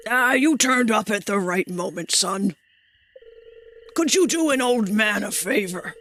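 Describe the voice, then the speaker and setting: A woman putting on a grumpy old man's voice while reading a game cutscene aloud, with a gruff, grumbling manner. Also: medium pitch, lively intonation, measured pace, a bit bright, a little hiss or hum. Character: grumpy old man neighbor.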